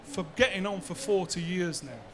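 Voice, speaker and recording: High-voiced man giving a seminar talk. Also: normal speed. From Bradford, England. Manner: conversational, answers his own rhetorical questions. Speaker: seminar speaker. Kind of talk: conference talk and Q&A.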